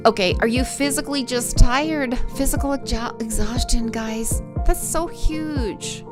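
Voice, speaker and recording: A woman's voice: a little high, measured pace, loud music behind the voice. A woman vocal coach talking on a livestream, encouraging her viewers and reading their comments aloud. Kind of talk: live-stream coaching talk.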